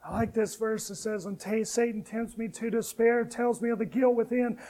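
A man preaching a sermon, moving from hushed, tender lines to loud, rising appeals and slowly reciting hymn verses. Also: high-pitched, fairly even intonation, rough recording. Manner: preaching with sharp swings between soft, hushed lines and loud, rising ones. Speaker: pastor.

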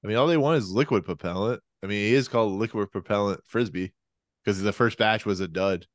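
A man's voice: on the low side, a little fast, no echo, clean studio sound. A man co-hosting a podcast in casual chat, rambling and restarting his sentences. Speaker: podcast co-host.

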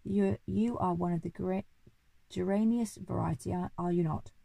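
A woman's voice: fairly low pitch, fairly even intonation, normal speed, vocal fry, mellow, no echo, low-quality recording. A woman voicing a grand, boastful male duke who thinks himself an expert on animals, speaking in a pompous, hearty way.

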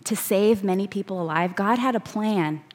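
A woman preaching, reading scripture verses aloud and slowing down to stress key words. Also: mid-range voice, darkish tone. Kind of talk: sermon.

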